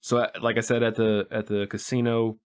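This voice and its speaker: A man co-hosts a casual movie-review podcast, sounding laid-back and profane and often restarting his sentences. His voice is fairly low with little pitch movement, and his delivery is brisk and smooth.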